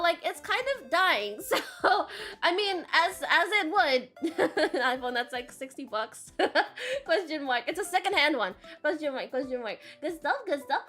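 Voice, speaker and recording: High bright chatty young woman streamer. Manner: chatty, swears freely, bursts into squealing laughs. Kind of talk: casual chat reading chat messages. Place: home streaming setup.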